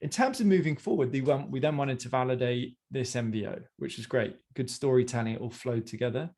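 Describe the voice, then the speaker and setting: Male coach, mid-pitch, gives chatty encouraging feedback in a one-on-one session. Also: a little fast, darkish tone. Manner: encouraging, conversational, many fillers.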